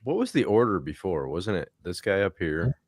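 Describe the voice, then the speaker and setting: A man with a low voice chats easily with his co-hosts, poking fun at himself. He comes through a video call with a dry, close sound. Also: very animated, moderate pace, darkish tone, dry recording. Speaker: podcast co-host. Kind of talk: casual banter on a video call.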